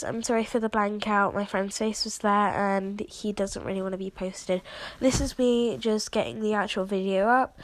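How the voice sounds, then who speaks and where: A woman with a medium-pitched voice, recorded without echo, coughs and sounds sick in a chatty vlog. She's a video creator showing her editing process in a casual screen-recording walkthrough, talking in a chatty, apologetic way full of fillers.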